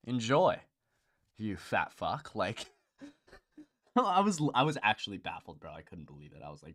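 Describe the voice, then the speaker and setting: A man's voice: on the low side, very animated, normal speed, a bit bright, dry recording, clean studio sound. A young man hosting a live stream in casual chat, blunt and profane, with lots of "bro" and "dude".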